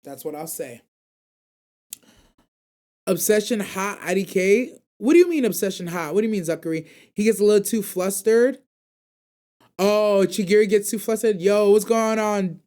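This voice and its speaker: A man's voice: sits high, moderate pace. Young dude hosting an anime stream show, rambly slang, voice jumps around when he gets hyped. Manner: loose slang-heavy rambling with animated voice jumps. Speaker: host of an anime call-in radio show. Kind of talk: casual livestream chat, reading viewer chat.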